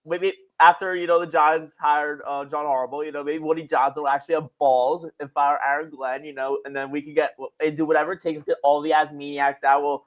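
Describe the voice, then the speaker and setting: A man's voice: fairly high pitch, flat delivery, brisk, hardly any pauses. A man calling in to a sports talk show, talking eagerly and pleadingly with lots of fillers. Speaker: caller. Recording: dull phone-call audio.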